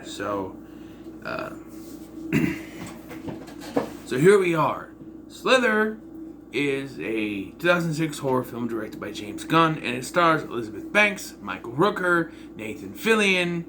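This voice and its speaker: A man giving a casual, rambling spoken movie review, often clearing his throat. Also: fairly high pitch, sing-song, slow, pauses often, background noise.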